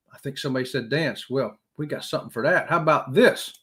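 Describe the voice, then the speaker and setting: A man's voice: mid-range voice, fast talker, fairly bright tone, a little hiss or hum. A man hosting a casual live-stream chat, jokey and talkative, greeting viewers by name.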